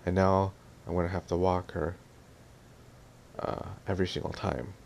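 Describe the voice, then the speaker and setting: A young man with a very low, gravelly voice rants into his audio vlog, irritated and sarcastic. He imitates his family in quoted lines. Faint hiss sits behind him. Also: little pitch movement, moderate pace, darkish tone. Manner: annoyed, ranting, mimics family in quotes. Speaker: vlogger.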